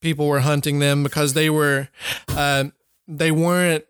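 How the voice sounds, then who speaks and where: A man's voice: a little high, level tone, unhurried, fairly bright tone, clean tone, no room sound, clean studio sound. A man with a Kentucky accent co-hosting a podcast, recapping a film in loose chat full of casual swearing. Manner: loose, swears freely, laughs along. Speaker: podcast co-host. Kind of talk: casual movie review chat.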